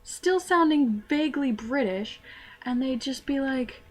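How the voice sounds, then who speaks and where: A woman's voice: high voice, animated. A young woman, telling a self-deprecating story to camera in casual vlog style. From Canada. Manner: chatty, self-deprecating, quick asides. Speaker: vlogger.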